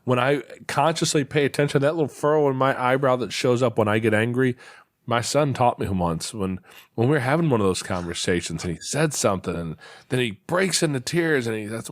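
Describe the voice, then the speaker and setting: A man's voice: mid-range voice, animated, fairly quick, no room sound. Guy host musing and telling stories, mid voice, dry close sound. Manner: reflective, storytelling, repeats words while thinking. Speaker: podcast host. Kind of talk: conversational interview. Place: home office.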